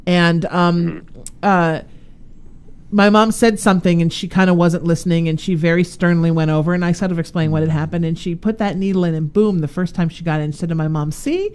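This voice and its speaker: A woman's voice: on the low side, fairly even intonation, brisk, darkish tone, clear, resonant tone. A woman hosting a radio show, telling family stories in a chatty, laughing way. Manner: chatty, laughing, self-deprecating storyteller. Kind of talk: casual storytelling chat. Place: radio studio with a live audience.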